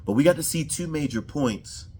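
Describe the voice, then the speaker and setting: A man giving a casual, animated, profane reaction to a show episode and often repeating himself. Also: fairly high pitch, normal speed, slightly rough. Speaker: show reviewer.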